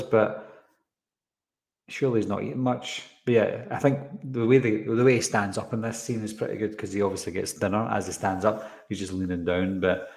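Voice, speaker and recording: Man, low voice, casual live-stream host, rambling, answers chat, echoey room. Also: darkish tone. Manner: rambling, goes off on tangents, reads and answers chat comments. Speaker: live-stream host breaking down a film trailer. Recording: roomy echoey room sound.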